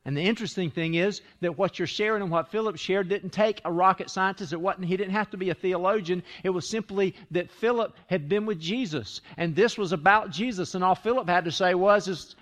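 A man's voice: sits high, fairly quick, hardly any pauses, a bit bright. Man preaching, conversational and emphatic. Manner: conversational storytelling, rising to emphatic repetition; frequent restarts and stammers. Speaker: pastor. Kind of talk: sermon.

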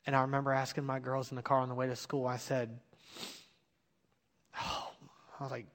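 A man's voice: medium pitch, little pitch movement, normal speed, long pauses. A man in his thirties giving an earnest, confessional sermon, telling a personal story and urging listeners. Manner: earnest, confessional, rising to emphatic exhortation. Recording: long hall reverb.

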